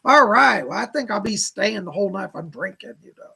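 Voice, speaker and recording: Gravelly husky man giving chatty readings. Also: high voice, animated, brisk, sharp tone, rough recording. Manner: chatty, reads out viewer comments, laughs often. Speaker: psychic reader hosting a live stream. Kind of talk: casual live-stream reading.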